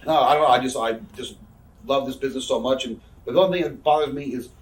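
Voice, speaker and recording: Fast-talking, cursing man. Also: medium pitch, distant mic, noisy background. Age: 30s. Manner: profane, rambling, quick talker with frequent fillers. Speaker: interview guest, pro wrestler. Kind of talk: candid casual storytelling. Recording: roomy echo, voice a bit off-mic.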